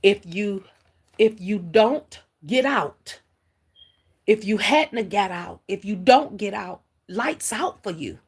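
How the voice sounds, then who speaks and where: Husky, gravelly woman giving a spiritual reading. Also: mid-range voice, expressive, slow. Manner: rambling, emphatic, addresses viewers as y'all and baby. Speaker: spiritual reader on a live stream. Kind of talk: live spiritual reading, casual and preachy.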